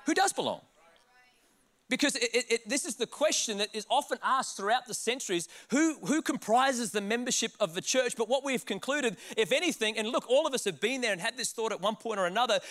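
Animated Australian preacher, high lively voice, story-led sermon. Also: male voice. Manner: animated, laughing, restarts words, acts out quotes. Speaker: pastor.

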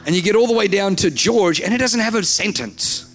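A man's voice: sits high, fairly quick, fairly bright tone, faint music behind. A man, originally from Germany, telling a humorous sermon story as a preacher and animatedly acting out the dialogue. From Germany, raised in Australia.

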